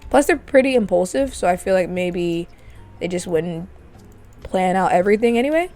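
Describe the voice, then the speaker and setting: A woman's voice: lowish voice, expressive, normal speed, a little mellow, soft background music. A woman hosting a gaming video, chatting casually and spinning a story while she plays a life-sim game. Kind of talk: let's play commentary.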